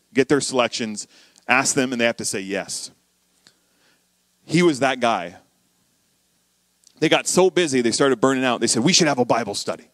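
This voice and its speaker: A man preaching a sermon, telling a story and acting out the dialogue with lively shifts of voice. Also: mid-range voice, no echo. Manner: animated, acts out quoted dialogue.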